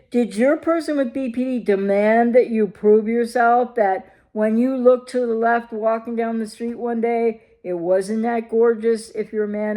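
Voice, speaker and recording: This recovery coach, a woman, has a fairly high and warm voice. Addressing the camera straight on, she delivers advice with emphasis and asks her audience one rhetorical question after another.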